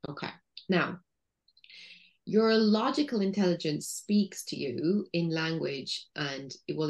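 A woman with a notably low voice talks as a podcast guest, explaining her ideas patiently. She leans on "you know" as she thinks aloud and walks listeners gently through a body-awareness exercise. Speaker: guest, intuition coach. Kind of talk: explanatory interview talk.

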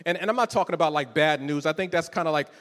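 A man's voice: a little high, racing, fairly bright tone, long reverb tail. A man in his forties preaching a conversational, emotional sermon in a church, often repeating words as he starts a thought. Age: 40s. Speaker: pastor.

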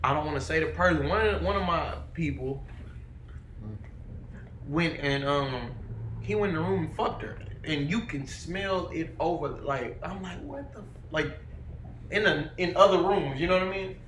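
A man chatting as a podcast guest, telling stories in an animated, loud and profane way. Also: a little high, normal speed. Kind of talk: casual chat. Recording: echoey room, faint noise.

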